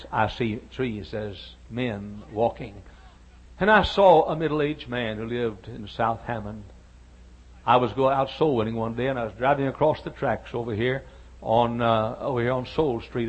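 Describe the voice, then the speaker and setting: A man preaching a sermon as pastor of a church, moving from soft hushed storytelling to loud, shouted appeals. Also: medium pitch, breathy edge, poor audio. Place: church sanctuary.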